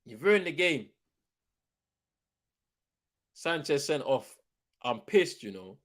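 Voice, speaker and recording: A young man talks over a live football match as a watchalong host. He is excitable and full of slang, often repeating his words. He jumps from shouted outbursts to low, grumbling mutters. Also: slow pace.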